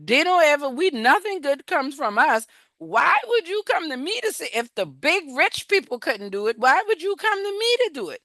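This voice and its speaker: A woman's voice: high voice, sing-song, normal speed, pushed and bright, no echo, clean studio sound, voice pushed up, exaggerated voice. A woman voicing a fearful biblical man who anxiously pleads and protests that he is too weak. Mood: anxious pleading.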